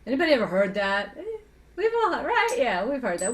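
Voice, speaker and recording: A woman's voice: high-pitched, very animated, moderate pace. A woman voice coach, once a singer, talking in a chatty teaching style and asking rhetorical questions as she explains how to use the voice. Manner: speaks with a singer's trained voice. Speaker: voice coach guest. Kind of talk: conversational teaching with vocal demonstrations.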